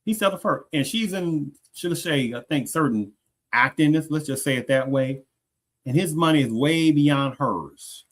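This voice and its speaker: This rambling reaction commentary comes from a male channel host with a mid-range voice and a measured pace. He restarts sentences frequently and keeps asking "do you understand?" along with other rhetorical questions.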